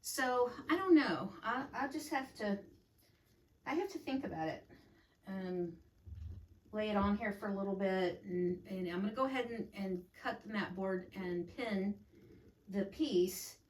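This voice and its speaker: A woman's voice: mid-range voice, a little slow. A middle-aged woman hosting a crafting channel, chatting casually and rambling about her stitching projects, often correcting herself mid-sentence. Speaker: cross stitch channel host. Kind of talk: casual crafting vlog chat. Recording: echoey room, voice a bit far from mic.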